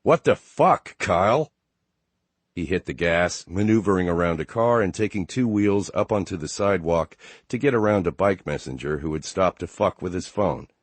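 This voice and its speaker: A man narrating a romance audiobook in steady first-person storytelling. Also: low voice, fairly quick, hardly any pauses, no room sound. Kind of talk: scripted narration.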